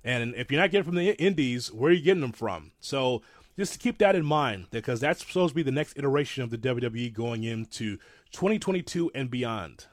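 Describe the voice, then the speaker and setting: A man co-hosting a casual wrestling talk show, rambling and self-deprecating, with animated asides. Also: medium pitch, a little fast, no room sound, studio quality. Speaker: podcast co-host.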